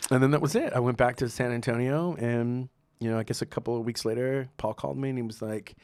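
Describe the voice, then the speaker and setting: A middle-aged man tells a long story as a podcast guest, relaxed and chatty. He acts out the voices of the people he quotes and breaks into laughter often. His pitch sits in the middle for a man. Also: normal speed, no echo, studio quality. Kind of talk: casual storytelling interview.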